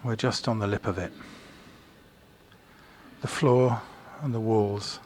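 A man's voice: lowish voice, fairly even intonation, takes it slowly, a little mellow, slight background noise. A man, an art critic and host, narrating a walking tour and describing his surroundings step by step, slightly out of breath. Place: indoor gallery corridor.

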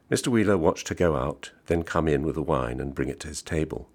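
A man reading a literary short story aloud in a measured, understated way. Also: rumbling low, expressive, darkish tone. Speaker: reader.

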